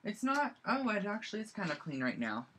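A teenager hosts a casual live-streamed craft lesson from a bedroom at home, picked up by the camera's own mic. The voice is bright and forward. The talk rambles along, full of "like" and quick side-stories. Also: medium pitch, sing-song, a little hiss or hum. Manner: rambling and chatty, heavy use of "like". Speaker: scrapbooking instructor.

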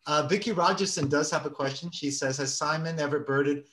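Halting male host reading out comments. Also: on the high side, a bit bright. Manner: halting, many "uh" fillers, apologetic. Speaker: meeting host.

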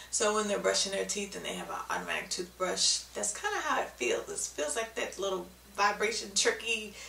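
A woman's voice: medium pitch, gravelly, pushed and bright, roomy sound, recorded from a distance, slight background noise, poor audio. A woman giving a patient, step-by-step video lesson on speech sounds, often checking in with "okay?". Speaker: speech therapy teacher.

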